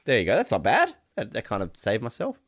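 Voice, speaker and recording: A man's voice: lowish voice, wildly swooping pitch, fast talker, fairly bright tone, no echo, clean studio sound. A man hosting a podcast in casual comedic chat, rambling and joking with frequent laughter. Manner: rambling, jokey, laughs often, breaks into silly voices. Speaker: podcast host.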